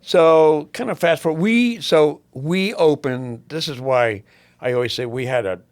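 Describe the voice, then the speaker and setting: An older man, a podcast guest, telling long rambling stories with swearing and frequent throat-clearing. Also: fairly high pitch, measured pace. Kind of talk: casual storytelling interview.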